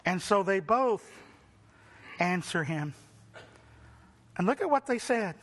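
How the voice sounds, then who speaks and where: A male preacher giving a sermon with rhetorical questions and dramatic pauses. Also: high-pitched, lively intonation, a bit bright.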